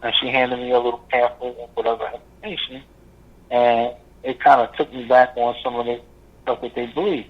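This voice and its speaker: A man recounts his path as a guest in a casual interview, at an ordinary middle pitch. He rambles and restarts often, leaning on fillers. The audio is dull and lo-fi. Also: little pitch movement. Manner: rambling, halting, many fillers, acts out others' lines. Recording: muffled lo-fi audio.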